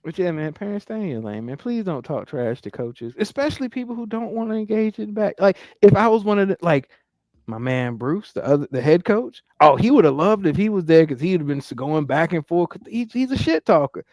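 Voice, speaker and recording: A man in his thirties chatting casually as a podcast co-host, telling stories with lively acted-out asides. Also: on the high side, fairly quick, no room sound, studio quality. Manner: animated storyteller acting out his own inner voice. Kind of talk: casual chat.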